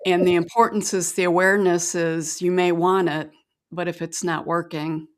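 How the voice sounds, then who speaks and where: Podcast host lady, lowish voice, appreciative and chatty. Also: level tone, normal speed. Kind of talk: podcast conversation.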